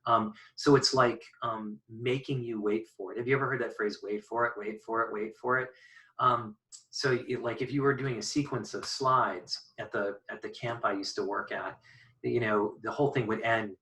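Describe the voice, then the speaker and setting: A man giving a recorded poetry lesson, thinking aloud in a casual, halting way with many fillers and restarts. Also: mid-range voice, steady tone, sharp tone, distant mic, poor audio. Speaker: poetry teacher. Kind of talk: recorded online lecture.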